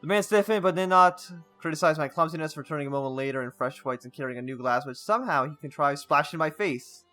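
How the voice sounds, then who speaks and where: A man's voice: a little high, fast talker, bright, forceful tone, soft background music. A man playing a story game, reading its text aloud with stumbles and breaking off into casual asides. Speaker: gaming channel host.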